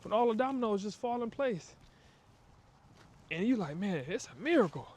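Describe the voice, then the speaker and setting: Emphatic, high-voiced motivational man outdoors. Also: sing-song, normal speed, a little hiss or hum. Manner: emphatic, preachy street talk with slang and acted-out asides. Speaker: vlogger giving a motivational talk. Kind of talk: casual motivational monologue on a walk. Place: outdoors on a walk.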